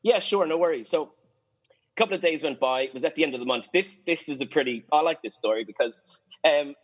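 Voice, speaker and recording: An Irish man, a guest on a podcast, telling stories in a casual, lively way and acting out the voices of people he quotes. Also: fairly high pitch, brisk, muffled recording. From Ireland. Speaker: guest, sailing photographer.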